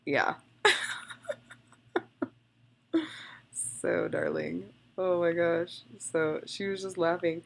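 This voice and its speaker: A young woman with a low voice and a lot of vocal fry talks through a photo edit as she works. She chats and gushes over the shots and thinks aloud between clicks. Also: steady tone, slow pace, few pauses. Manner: chatty, gushing, thinks aloud while clicking. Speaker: photographer demonstrating photo editing. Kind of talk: casual screen-recorded tutorial.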